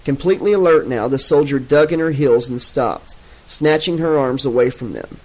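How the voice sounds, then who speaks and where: A man narrating a horror audiobook in a steady, dramatic reading. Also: medium pitch, normal speed, rough recording.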